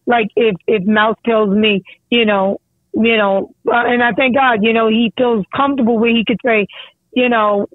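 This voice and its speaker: A middle-aged mother on a phone call, talking in a rambling, halting way with many restarts. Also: a little high, steady tone, dry recording. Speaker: caller, mother of a guest. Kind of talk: emotional phone chat. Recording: tinny phone line, dry.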